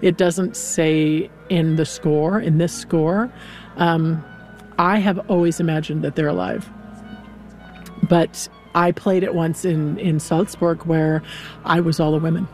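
A woman's voice: low-pitched, takes it slowly, soft background music. A woman opera singer in an interview, telling a story animatedly and acting out the characters' lines. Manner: animated, acts out characters' lines while retelling. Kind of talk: conversational interview.

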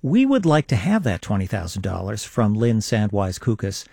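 A man's voice: very animated, normal speed, creaky, warm tone, dry recording. Earnest male radio co-host, dry studio. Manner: earnest, persuasive pitch with repeated phrases. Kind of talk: on-air fundraising appeal. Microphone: studio microphone.

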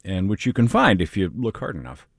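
A man's voice: lowish voice, very animated, brisk, slightly rough, no echo, studio quality. A man hosting a radio show, introducing music with wry chatter. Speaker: radio host.

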